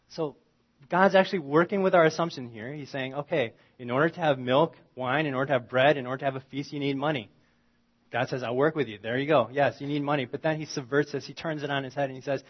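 A man preaching a sermon in a conversational, animated way, swinging from loud emphasis to quiet asides. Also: medium pitch, fairly quick, lo-fi sound. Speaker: pastor.

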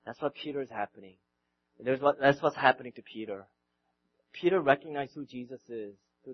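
A man preaching a sermon, swinging from loud outbursts to quiet, intimate passages and often repeating his words. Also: mid-range voice, lively intonation, normal speed, breathy edge, lo-fi sound. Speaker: pastor.

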